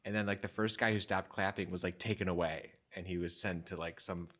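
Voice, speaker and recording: A man co-hosting a podcast in casual conversation, telling stories in a lively way and laughing often. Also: sits low, fairly quick. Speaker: podcast co-host.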